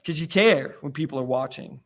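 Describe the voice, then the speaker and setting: A man's voice: mid-range voice, fairly quick. A man from Florida preaching a sermon in a church, telling stories in a conversational, self-deprecating way. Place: church sanctuary.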